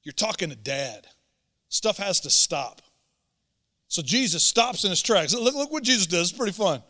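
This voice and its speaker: A man's voice: high-pitched, very animated, normal speed, pushed and bright. Man, pastor, earnest emphatic sermon, church auditorium, long hall reverb. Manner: earnest, emphatic preaching with repeated words.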